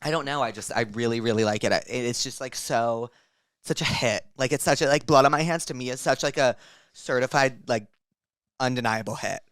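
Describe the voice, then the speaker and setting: A man's voice: mid-range voice, brisk, fairly bright tone, smooth, no echo. Gushing, rambling male podcast host. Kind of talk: casual chat.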